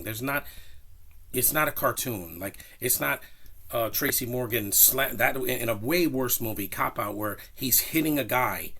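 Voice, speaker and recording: A man giving a casual, rambling spoken film review, opinionated and animated. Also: mid-range voice. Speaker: movie reviewer.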